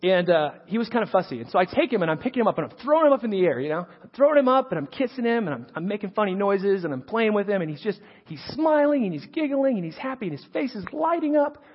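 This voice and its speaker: A man's voice: high voice, big pitch swings, quick pace, few pauses, slightly rough. A man in his thirties giving an earnest, conversational sermon full of stories, often repeating words as he restarts. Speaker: preacher and high school teacher. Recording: dull lo-fi recording with long hall reverb.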